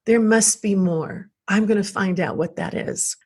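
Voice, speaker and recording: A woman's voice: mid-range voice, unhurried, darkish tone, slightly rough. A woman from South Texas, an interview guest, telling a personal story in an earnest, emotional and reflective way.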